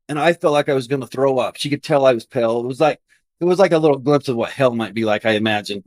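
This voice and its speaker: A man's voice: medium pitch, quick pace, dry recording. A man in his thirties, a podcast guest, earnestly telling a personal story in conversation and acting out his own past thoughts.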